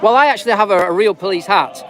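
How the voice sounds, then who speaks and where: A high-voiced man rambles and teases passers-by as he films a live street vlog with a handheld camera. He talks outdoors on a busy street. A loud crowd murmurs behind him. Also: fast talker. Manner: teasing, rambling, chatty. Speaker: street vlogger filming live. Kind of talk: casual street chat to camera. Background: crowd noise.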